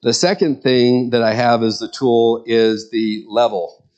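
A man's voice: mid-range voice, fairly even intonation, measured pace, darkish tone, highs cut off. A middle-aged man, a pastor, preaching a sermon in an earnest, conversational way with personal stories.

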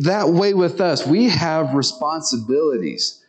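A man preaching a sermon in an earnest, conversational way, often speeding up and slowing down. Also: mid-range voice, slight background noise. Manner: tells stories and acts out quotes.

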